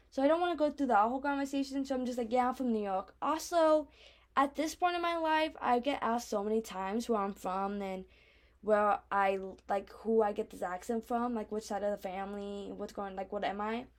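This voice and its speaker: A young woman from Arizona with a speech impediment, telling personal stories in a casual, rambling vlog. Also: fairly high pitch. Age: young adult. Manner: chatty, lots of "like" and restarts, acts out her own reactions. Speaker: vlogger.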